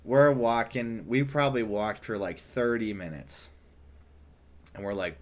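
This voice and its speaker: A young man casually telling a story, animated and rambling, full of "like" fillers. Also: on the low side, unhurried. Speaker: vlogger.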